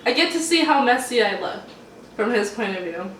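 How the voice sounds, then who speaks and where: A young woman talks casually while eating at home, rambling in a laid-back way. Her voice sits a little high. The sound is roomy and comes from a mic set some way off, with a faint hiss beneath. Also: expressive, normal speed, a bit bright, far from the mic. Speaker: mukbang host.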